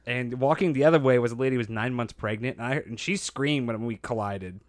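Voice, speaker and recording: A man's voice: mid-range voice, a little fast, no echo, clean studio sound. A man casually telling a story on a podcast, acting out quotes and laughing often, a bit nasal from a hurt nose.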